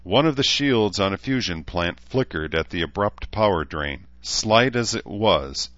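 A man narrating a fantasy audiobook in a steady storytelling manner. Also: lowish voice, unhurried, dry recording, dull audio.

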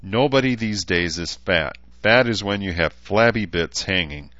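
A man's voice: low-pitched, expressive, unhurried, fairly bright tone, dry recording, lo-fi sound, voice pushed up. A man voicing a stern, coldly professional mother, clipped and disapproving.

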